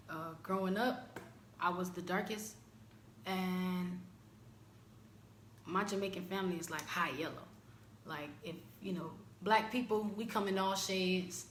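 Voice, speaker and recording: A woman from the United States giving a candid, searching personal reflection, with halting restarts. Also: fairly low pitch, a bit bright, reverberant, a little hiss or hum. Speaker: vlogger.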